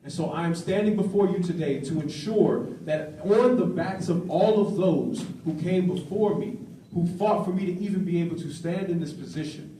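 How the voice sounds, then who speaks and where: A man giving a campaign speech at a candidate forum, building points through measured rhetorical repetition. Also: fairly high pitch, dark tone, a little hiss or hum. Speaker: political candidate. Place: public forum hall. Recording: echoey room, distant mic.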